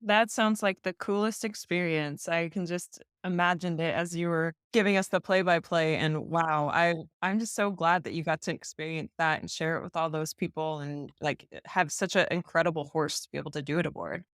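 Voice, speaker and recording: A woman hosting a podcast reacts to a guest's story in a casual, affirming way, talking a little haltingly. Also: lowish voice, a bit bright, clean tone, dry recording, studio quality. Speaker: podcast host. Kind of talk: casual interview chat.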